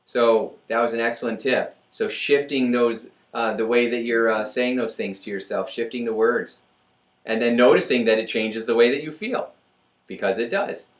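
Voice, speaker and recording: A middle-aged man giving a lively motivational talk as host, often acting out voices in his stories. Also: mid-range voice, normal speed. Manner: energetic, acts out voices in stories. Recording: echoey room, mic far off.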